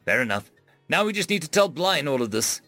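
A man's voice: on the high side, big pitch swings, brisk, pushed and bright, no echo, faint music behind, pitched above the performer's own voice. A man voicing an easygoing young human man who thinks aloud in a casual way.

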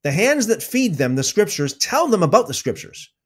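A man giving an animated religious talk, answering viewer questions with emphatic repetition and loud exclamations. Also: high voice, moderate pace. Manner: emphatic, repeats words, swings into loud exclamations.

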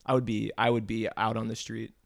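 A man co-hosting a casual podcast chat, talking fast and excitedly, stumbling over his words, with crude jokes. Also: fairly low pitch, vocal fry, dry recording, clean studio sound. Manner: crude, joking. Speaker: podcast co-host.

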